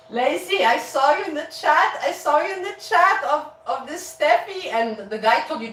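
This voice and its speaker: A woman live-streaming as she cooks, chatting to viewers in an animated, laughing way and swearing freely. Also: high voice, moderate pace, few pauses, distant mic. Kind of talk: casual live-stream chat while cooking. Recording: roomy echo with faint music.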